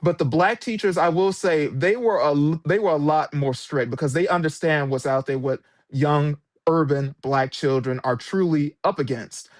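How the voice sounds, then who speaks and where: A man's voice: on the high side, normal speed, few pauses, no echo, clean studio sound. A man who is an author and former substitute teacher, giving an interview and telling his story with emphatic, indignant energy. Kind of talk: interview guest recounting experiences.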